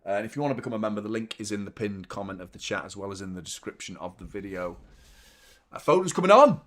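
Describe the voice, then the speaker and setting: Male watchalong host, excitable live match reactions, loud, sweary. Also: lowish voice, rapid-fire. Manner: excitable, swears, shouts at the play.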